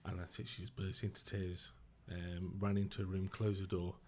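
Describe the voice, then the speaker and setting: Middle-aged man, podcast guest, low voice, quiet and halting, emotional storytelling. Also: level tone, slight background noise. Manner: subdued, emotional, halting with restarts. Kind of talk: personal storytelling.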